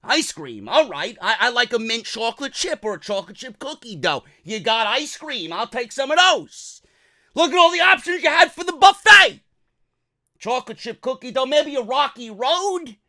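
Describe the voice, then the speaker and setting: Man playing a demanding cursing dad, lively pitch, bright tone. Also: normal speed, exaggerated voice. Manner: insistent, profane, demanding. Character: pushy, demanding middle-aged family man.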